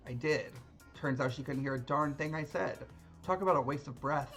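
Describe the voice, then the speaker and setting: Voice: medium pitch, normal speed, fairly bright tone, soft background music, natural voice. A woman reading the lines of a cheerful hard-of-hearing young female dancer in a folksy, chatty way.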